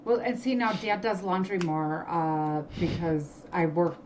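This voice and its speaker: A middle-aged woman co-hosting a casual chat show, talking in quick asides and correcting herself as she goes. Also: fairly low pitch, noisy background. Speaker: podcast co-host.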